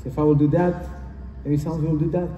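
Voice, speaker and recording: This man speaks fast in a steady, mellow voice with a fairly high pitch, giving a motivational conference talk. The audio is dull, with slight background noise, and recorded at a distance in an echoing hall. He is earnest and repetitive, with non-native phrasing.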